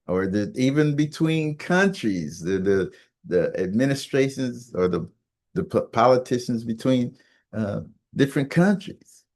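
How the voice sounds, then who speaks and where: A man talking on the radio in a casual monologue, halting with many fillers and restarts. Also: on the low side, darkish tone. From United States. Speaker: radio talk host.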